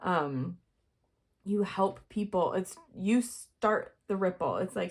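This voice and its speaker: A woman's voice: medium pitch, expressive, takes it slowly. A young woman giving a casual tarot reading to her viewers, chatty and rambling, full of fillers and little laughs. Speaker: tarot reader.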